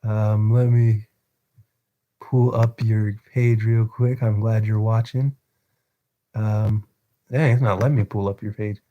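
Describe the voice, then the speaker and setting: A man's voice: lowish voice, steady tone, slow pace, long pauses, muffled recording. A man hosting a casual live stream, chatting with viewers and reading a novel aloud. He laughs often and stumbles over words.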